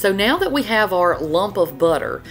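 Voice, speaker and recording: A woman's voice: medium pitch, very animated, moderate pace, faint music behind. A middle-aged woman, hosting a cooking channel in a chatty, folksy voiceover. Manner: chatty, folksy, says y'all a lot. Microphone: voiceover mic.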